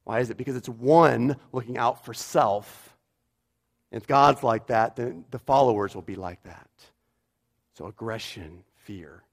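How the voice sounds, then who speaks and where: A man's voice: mid-range voice, measured pace, creaky. A pastor preaching a sermon in a church, emphatic and repeating his key phrases for weight.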